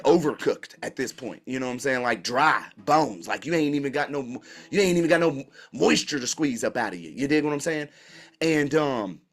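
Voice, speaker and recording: Hosting his own channel, a man with a medium-pitched voice tells a story casually and with animation. He uses plenty of slang and addresses his listeners directly.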